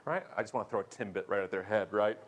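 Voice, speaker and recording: A man's voice: fairly low pitch, quick pace, breathy edge. A man giving a keynote talk as a speaker and show host, telling a funny story and acting out the voices of the people in it. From Canada. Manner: animated, acts out voices with big swings.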